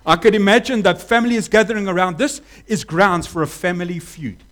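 A man preaching a sermon as pastor, animated, acting out voices and dropping to a hush. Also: high-pitched, brisk. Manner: animated preaching, acts out voices, swings from loud to hushed.

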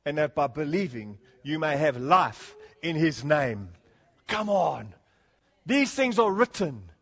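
A man's voice: a little high, big-room sound. A man preaching a sermon, reading scripture and urging his congregation, whom he calls "folk". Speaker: pastor.

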